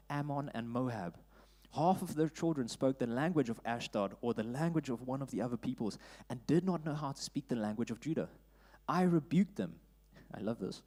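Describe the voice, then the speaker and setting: A male pastor with a South African accent preaches to his congregation, moving between quiet scripture reading and loud, lively bursts. His voice sits at an ordinary middle pitch. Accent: South African English. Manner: animated preaching, rising loud for emphasis, reads scripture aloud. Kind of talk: sermon. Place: church auditorium.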